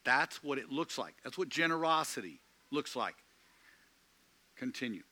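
A man preaching a sermon from the pulpit, slow and emphatic with dramatic pauses. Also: mid-range voice, sing-song, sharp tone, no room sound. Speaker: pastor.

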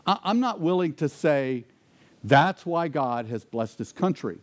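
A pastor preaches in a fairly high voice with lively intonation and a measured pace. He poses rhetorical questions to the congregation and drops to a hushed, intense tone to drive his points home.

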